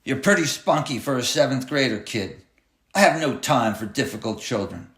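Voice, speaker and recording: A man voices a cruel, taunting clown who drives a school bus, using an expressive, mid-range, fairly bright natural voice pitched above his own at normal speed. The clown is menacing, sneering and bossy as he barks orders and threats, and the room sounds echoey.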